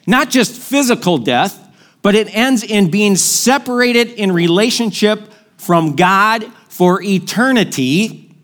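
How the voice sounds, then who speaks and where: A middle-aged male pastor, preaching an animated, joking sermon and telling stories to his congregation. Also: high-pitched, slow. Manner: animated, joking storyteller with crowd call-outs.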